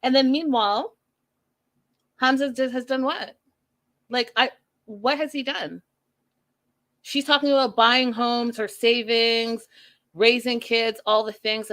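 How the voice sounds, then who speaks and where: A woman hosting a live show recap, giving her opinions in an animated way and talking to the live chat. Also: on the high side. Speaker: host.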